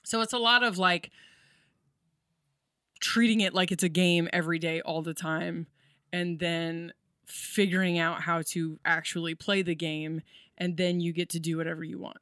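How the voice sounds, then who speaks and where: A woman's voice: fairly low pitch, fairly even intonation, normal speed, fairly bright tone, no room sound, clean studio sound. A woman comedian guesting on a podcast, explaining spiritual ideas in a rambling, casual way with many fillers.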